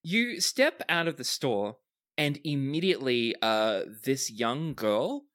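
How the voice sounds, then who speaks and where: A man narrating a tabletop game as game master, lively and hesitant with fillers. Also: medium pitch, slow.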